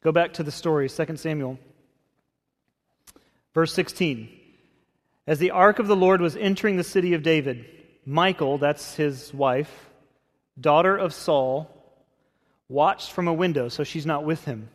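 A man pastor preaching a sermon in a conversational, expressive way. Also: a little high, a little slow, long pauses. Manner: conversational, expressive, acts out scripture quotes. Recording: long hall reverb.

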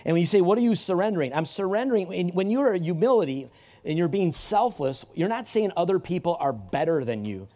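A man's voice: high voice, big pitch swings, brisk, mellow. A man preaching a sermon to a church congregation in a conversational way, often restarting his sentences and repeating key phrases for emphasis. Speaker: pastor. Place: church service.

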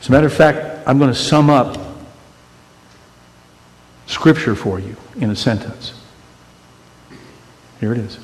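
A man's voice: mid-range voice, measured pace, pauses often. Man preaching in a reverberant hall. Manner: dramatic swings between loud emphatic bursts and hushed quiet lines; conversational and teasing, with rhetorical questions. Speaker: pastor. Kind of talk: sermon.

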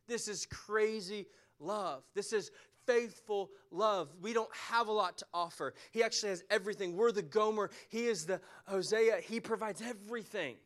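A man preaching a sermon with passion, repeating phrases for emphasis and going soft and quiet toward the close. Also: high voice, normal speed, hardly any pauses. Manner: impassioned, repeats phrases for emphasis, drops to a soft tone near the end.

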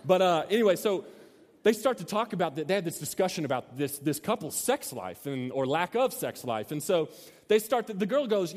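A man's voice: high-pitched, big pitch swings, fairly quick, a little mellow. A man in his thirties preaching a casual sermon as a youth pastor, telling a story with many restarts and asides. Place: church hall. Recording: long hall reverb.

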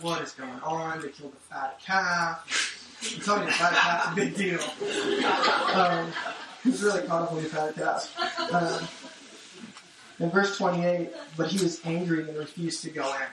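A man's voice: on the high side, fairly bright tone, a little hiss or hum. A man giving a casual, conversational sermon with many fillers and restarts, recorded from a distance in an echoey room. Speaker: preacher.

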